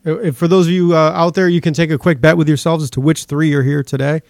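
A man's voice: a little high, flat delivery, quick pace, vocal fry, darkish tone, no room sound, clean studio sound. A man hosting a casual podcast, joking and teasing his co-hosts and laughing often. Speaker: podcast host.

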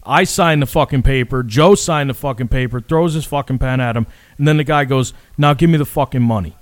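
A man's voice: medium pitch, fairly quick, dry recording. A man telling a rambling, profane story in casual chat with friends, acting out the people in it. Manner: profane, rambling, animated retelling.

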